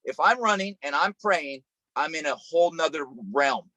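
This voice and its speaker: A man preaches over a video call in an earnest storytelling manner, circling back and restarting his phrases. His voice sits somewhat high for a man. The sound is close and dry, with no room around it. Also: moderate pace, pushed and bright, no room sound, rough recording. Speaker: pastor. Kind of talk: sermon.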